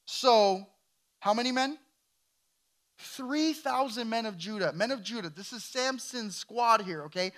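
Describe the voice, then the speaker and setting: Bright-voiced man preaching a sermon. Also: very high voice, unhurried. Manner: emphatic, fires questions at the congregation. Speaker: pastor.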